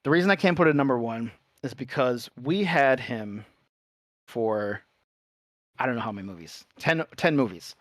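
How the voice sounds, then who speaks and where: A young man in easygoing podcast conversation, eager and a little rambling, with the odd casual curse word. His pitch sits in an ordinary middle range. The sound is dry and close, with no room echo. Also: lively intonation, moderate pace, a bit bright. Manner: enthusiastic, rambling, swears casually. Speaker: podcast co-host.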